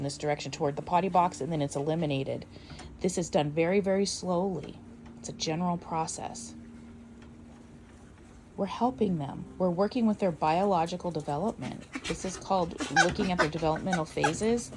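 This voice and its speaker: Calm, low-voiced woman giving encouragement. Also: low-quality recording. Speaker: puppy trainer. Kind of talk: casual instructional talk. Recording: steady background noise.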